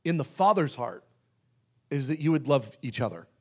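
A pastor preaching a sermon in a conversational way, slowing down to stress key phrases. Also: male voice, mid-range voice, animated, a little mellow, slightly rough. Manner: conversational, with restarts and emphatic slowed phrases.

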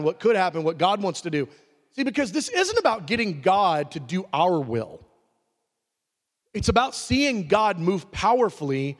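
Male pastor preaching, kinda high voice, big lively swings, echoey church hall. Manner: animated storytelling, shouting at peaks. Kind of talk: sermon.

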